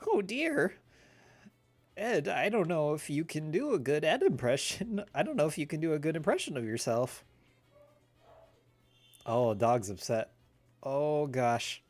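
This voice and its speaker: A man's voice: a little high, animated, a little slow, pauses often, a little mellow, faint music behind. A young man streaming a game live, chatting casually with lots of laughter and rambling asides. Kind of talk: casual live gameplay chat.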